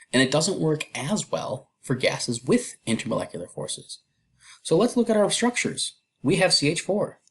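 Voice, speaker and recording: A man with a husky, slightly breathy voice talks through a chemistry lecture at a mid-range pitch. He keeps it casual and chatty, with fillers and self-deprecating asides. It sounds like a computer mic while he draws on screen. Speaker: chemistry teacher. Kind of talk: recorded lecture walkthrough.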